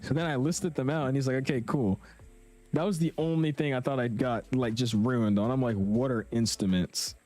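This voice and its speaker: A man's voice: medium pitch, fairly even intonation, brisk, warm tone. A young man chatting casually with viewers on a live stream, slangy and talkative. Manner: chatty, slangy, reads chat aloud. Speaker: flight sim streamer.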